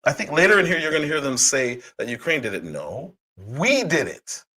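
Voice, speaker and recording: A man hosting a political commentary livestream, hoarse from a cold, talking heatedly with rhetorical questions and frequent restarts. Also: on the high side, big pitch swings, moderate pace, pushed and bright, rough recording. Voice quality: husky. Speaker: livestream host.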